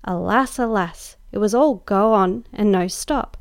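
A woman narrating a classic story in a measured, expressive audiobook style. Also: medium pitch, clear, resonant tone, no echo. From Australia. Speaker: guest host, story narrator.

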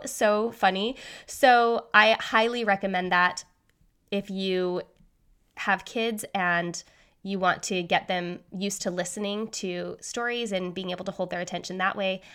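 A woman in her thirties hosting a solo podcast, talking quickly by her own account. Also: mid-range voice, a bit bright. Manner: fast-talking, says so herself. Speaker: podcast host.

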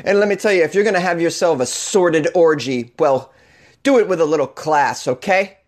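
A man's voice: on the high side, fairly quick. Sarcastic man with a Boston accent. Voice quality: sarcastic, mock-outraged, laughs at own jokes. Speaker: comedian podcast host. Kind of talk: comedic news commentary.

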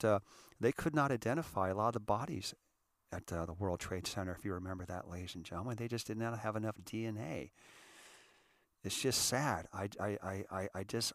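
A middle-aged man hosts a podcast in a casual, heartfelt monologue, speaking earnestly and with emotion while often repeating himself and starting over. His voice sits on the low side, and the recording is dry with a clean studio sound.

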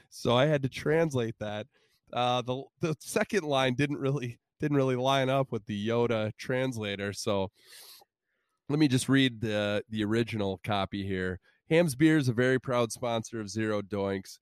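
A man hosting a comedy podcast, reading sponsor copy with a deadpan, wry delivery. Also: mid-range voice, moderate pace, clean tone, no echo, studio quality. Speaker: podcast host. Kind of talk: deadpan comic ad read.

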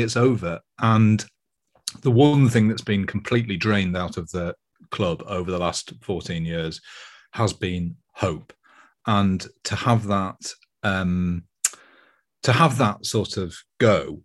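Low-voiced man hosting a podcast. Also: unhurried. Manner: rambling, reflective, many restarts. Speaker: podcast host. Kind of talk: casual podcast chat.

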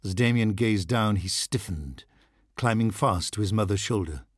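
A man narrating a dark novel as an audiobook, in a measured, dramatic storytelling style. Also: on the low side, slightly rough, dry recording, clean studio sound.

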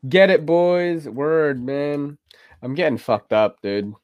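A drunk man hosts a loose podcast chat, rambling and cursing as he talks to his listeners. His voice sits a bit high, and the sound is close and dry. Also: animated, slow, no room sound, muffled recording. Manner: rambling, laughing, swearing. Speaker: podcast host.

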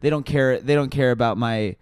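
A man's voice: medium pitch, brisk, a little mellow, smooth, no room sound, studio quality. A man co-hosting a podcast, riffing on comedy bits in a loose, playful way and slipping into silly voices. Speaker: podcast co-host.

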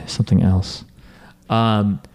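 A man's voice: fairly low pitch, steady tone, extremely slow, darkish tone. A young man hosting a podcast, recapping an anime in casual, joking chat and swearing freely. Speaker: podcast host.

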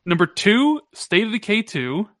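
A man co-hosting a gaming podcast, chatting casually and needling his co-host. His voice sits a little high and leaps higher when he jokes. The sound is dry and close, with no room around it. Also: unhurried, dry recording. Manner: animated, teasing, pitch jumps up when joking.

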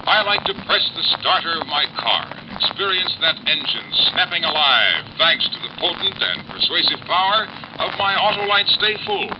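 A man delivers an old-time radio commercial and program introduction with emphatic announcer energy. His pitch moves around a lot and sits a little high. The sound is muffled, with a steady hiss. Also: moderate pace. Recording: dull hissy old radio broadcast.

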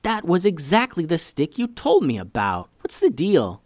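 A man voicing a skeptical, sassy young girl in a storybook reading, with quick doubtful retorts. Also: on the high side, huge pitch swings, no room sound, pitched above the performer's own voice.

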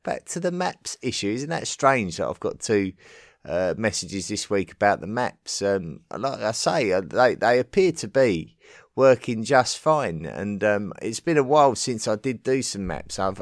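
An English man hosting a podcast, answering listener messages in a casual, halting way with frequent ums and restarts. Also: lowish voice, lively intonation, dry recording, clean studio sound. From England. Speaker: podcast host. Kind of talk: casual listener-mail segment.

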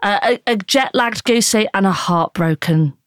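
A jet-lagged woman chats and jokes, poking fun at herself. Her voice is mid-pitched and sits close and dry in a studio booth. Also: normal speed, dry recording. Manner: chatty, jokey, self-mocking. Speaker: podcast co-host. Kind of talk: casual chat.

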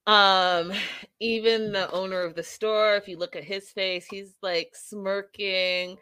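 A woman chats through a reality TV recap, animated and quick to laugh as she acts out what people said. Her voice sits at a middle pitch, and the sound is dry and close with no room around it. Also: dry recording. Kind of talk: casual recap and review chat.

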